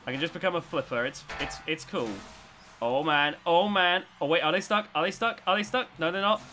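A man giving excitable commentary as he plays a robot combat video game, swinging between tense muttering and loud cheering. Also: fairly high pitch, fairly quick, faint music behind. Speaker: gaming YouTuber.

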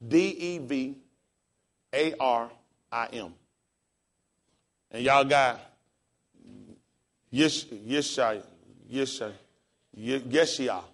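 Slow-talking man teaching, spelling words aloud. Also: medium pitch, fairly bright tone. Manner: spells words out letter by letter, upbeat and encouraging. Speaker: pastor teaching a class. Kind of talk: casual classroom teaching.

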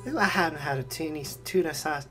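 A man's voice: a little high, fast, fairly bright tone, soft background music. A man playing a fishing game with his sister, joking and swearing casually as he reads characters aloud. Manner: swears a lot, jokey. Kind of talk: casual game commentary and voice acting.

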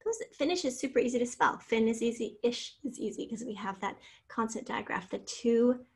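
A woman teacher giving a recorded spelling lesson over slides, spelling out letters slowly and patiently. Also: on the high side, gravelly, a little mellow, slightly rough.

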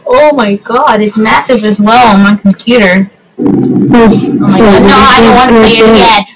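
A woman vlogging casual reaction commentary at home by her computer, excitable and giggly, with lots of fillers. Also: on the high side, normal speed, background noise. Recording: music playing underneath.

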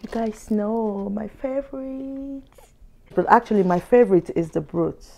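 A woman's voice: mid-range voice, expressive, unhurried, vocal fry, mellow. Gushing woman unboxing gifts. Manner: gushing, lots of exclamations and gasps. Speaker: lifestyle vlogger. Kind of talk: excited unboxing vlog.

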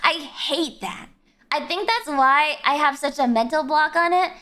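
A young woman with a high, bright voice talks to her stream in a loose, ranting way. She swears freely and keeps breaking into excited yelps mid-thought. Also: normal speed, noisy background. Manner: ranting, blunt, swears a lot. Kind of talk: casual livestream chat.

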